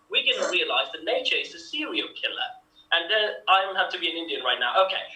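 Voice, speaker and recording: A man performing a fast improvised movie remake on a video call, switching to frantic shouting panic. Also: sits high, big pitch swings. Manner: frantic, shouting mock-British zombie panic. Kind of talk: improvised comedy scene. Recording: distant echoey room mic.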